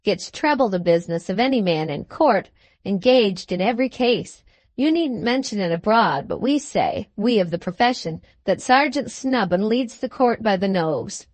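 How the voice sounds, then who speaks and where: A woman voicing a bustling, fussy little male lawyer who talks in a brisk, knowing way. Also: medium pitch, lively intonation, darkish tone, no echo, natural voice. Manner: brisk, knowing, repeats "my dear sir".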